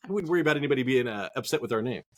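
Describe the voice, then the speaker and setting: Speaking very fast at a medium pitch with lively intonation, this podcast co-host from Northern California rambles and jokes through a fantasy football show in a chilly garage. The talk is loose, sweary sports banter.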